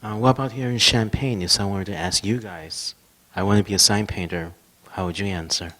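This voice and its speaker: A man moderating a forum, giving brief, low-key prompts and calling on people for questions. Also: a little fast, fairly bright tone.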